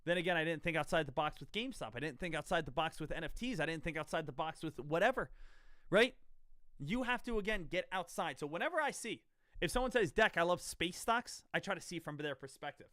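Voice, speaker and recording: A man's voice: on the high side, expressive, fast talker, fairly bright tone, no echo. A man in his thirties talks to his viewers on a live trading stream in a slightly raised voice. The sound is dry, with no room around it. He rambles, repeats himself and throws questions at his audience. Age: 30s.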